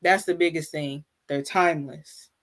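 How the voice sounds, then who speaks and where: A woman's voice: deep voice, fairly even intonation, normal speed. Woman, guest, casual chat, chatty, loose filler-heavy talk. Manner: chatty, uses many "like" fillers.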